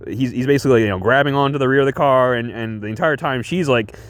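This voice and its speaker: A man's voice: mid-range voice, quick pace. A man casually talking through a movie he reviews, rambling with lots of fillers and restarts and chuckling often. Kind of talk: casual film review chat.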